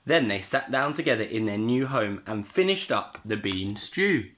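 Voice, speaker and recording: Animated male teacher reading a story. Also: fairly low pitch, normal speed, background noise. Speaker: primary school teacher. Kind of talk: storybook read-aloud for pupils.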